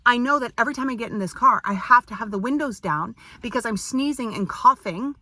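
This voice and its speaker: A woman's voice: a little high, bright, forceful tone, no echo. A woman vlogger ranting to camera in an indignant, exasperated tone, firing off repeated rhetorical questions. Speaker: parent and business owner.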